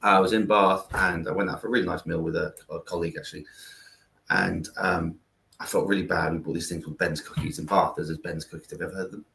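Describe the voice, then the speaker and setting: Speaking fast in a low, steady voice with vocal fry, the English founder of a kindness platform tells stories as a guest over a video call, rambling with fillers and restarts. His tone is pushed and bright, and the sound is reverberant.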